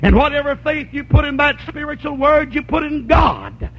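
A male preacher with a strikingly high voice delivers a sermon, stretching out key lines and rising into shouts. He keeps asking his listeners whether they agree. The recording sounds dull and lo-fi. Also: lively intonation, moderate pace. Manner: asks the congregation for agreement.

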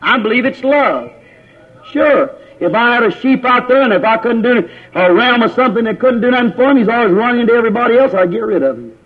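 A man's voice: extremely high pitch, lively intonation, fast. A man preaching a fiery Pentecostal sermon in church, scolding and mocking as he goes. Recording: old dull lo-fi sermon tape.

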